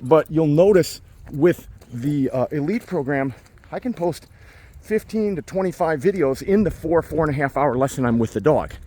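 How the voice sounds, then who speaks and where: A man working as a dog trainer, explaining his methods while out in a forest and often slipping into high baby talk with the dog. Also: animated, moderate pace, mellow. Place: outdoors in a state forest.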